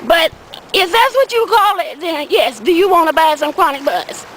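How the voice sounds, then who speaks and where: A woman performs comedic storytelling in character as an older Southern man, a rambling small-time weed dealer, repeating "see" and "I said" throughout. Her voice is extremely high, a bit bright and expressive, at normal speed, with slight background noise in a low-quality recording.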